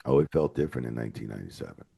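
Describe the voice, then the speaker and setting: A middle-aged man, telling stories as a guest in a podcast interview, excitable and swearing as he goes. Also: racing. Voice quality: very deep, gravelly and husky voice. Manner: excitable, swears, leaps up in pitch when retelling stories. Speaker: retired wrestling referee, guest. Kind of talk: animated storytelling in a podcast interview.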